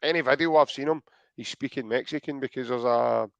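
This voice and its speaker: Scottish male podcast host, gravelly, chatty and teasing, dry muffled audio. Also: mid-range voice, a little fast, dry recording. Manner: joking, chatty, hesitant. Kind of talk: casual podcast chat.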